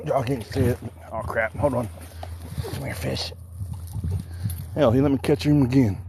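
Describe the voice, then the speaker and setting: A man's voice: mid-range voice, steady tone, a little fast, mellow. A man chatting casually with viewers on a live stream, joking, a little out of breath. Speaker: fishing streamer. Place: outdoors by the water. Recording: outdoor noise in the background.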